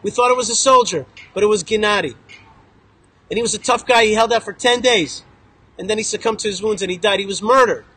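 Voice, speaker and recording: Husky, high-voiced man telling stories. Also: fast, sharp tone, low-quality recording. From Israel. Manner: emphatic, joking, punchy repetition. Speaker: local spokesman speaking to a visiting group. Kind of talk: animated storytelling talk to a group. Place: outdoors in a town.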